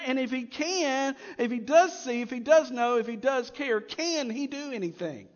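A man with a strikingly high voice delivers a sermon as a pastor. He preaches emphatically, swelling on key points and sinking to a quiet hush. The sound is dull, with a long reverb from a large church. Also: expressive, moderate pace, few pauses.

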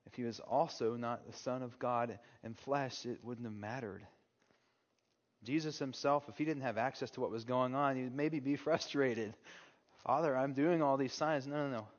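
A man preaching a sermon as pastor, moving from hushed, slow passages to loud, urgent calls. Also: mid-range voice. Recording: dull long-reverb hall sound.

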